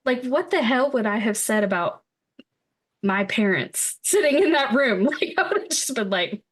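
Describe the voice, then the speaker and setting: A woman's voice: a little high, animated, moderate pace. A middle-aged woman co-hosting a podcast, chatting casually about a film, laughing often and trailing off with fillers. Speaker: podcast co-host.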